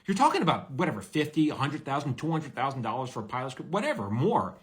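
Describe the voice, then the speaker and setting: A screenwriter giving blunt, energetic, wisecracking advice straight to the camera. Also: male voice, medium pitch, fast talker. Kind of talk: direct-to-camera advice monologue.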